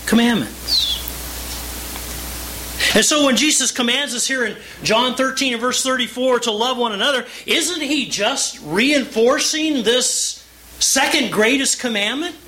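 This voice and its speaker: Male pastor for a sermon: high voice, deliberate delivery that leans on key words while reading scripture. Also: bright, forceful tone, low-quality recording. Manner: deliberate, with emphatic slowed phrases; reads scripture aloud and invites the congregation to read along.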